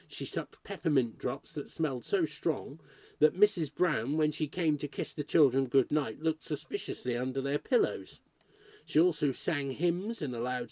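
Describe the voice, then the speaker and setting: Man, audiobook narrator, expressive storytelling, widely moving pitch, dry close sound. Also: dry recording. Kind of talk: audiobook reading of a short story.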